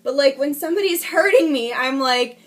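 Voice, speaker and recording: A woman's voice: high-pitched, animated, fairly quick. A woman telling a personal story in a casual vlog, candid and emotional, swearing freely as she gives a play-by-play. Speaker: vlogger.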